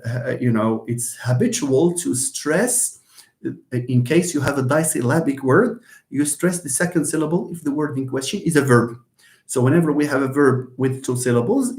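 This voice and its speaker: A man's voice: mid-range voice, a little mellow. Man lecturing in an echoey room. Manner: repeats and restarts, many fillers, explains slowly. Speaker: linguistics lecturer. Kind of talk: live online lecture.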